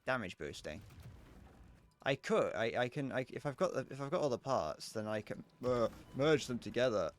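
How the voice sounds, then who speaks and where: A man's voice: medium pitch, big pitch swings, moderate pace, soft background music. A man in his twenties chatting casually to viewers while playing a game live, joking and swearing as he goes. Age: 20s. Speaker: streamer.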